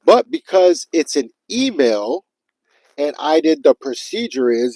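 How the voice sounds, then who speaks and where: A man's voice: a little high, big pitch swings, a little slow, warm tone, dry recording, poor audio. A man venting to his livestream viewers in a casual, profane rant, frustrated and addressing them directly.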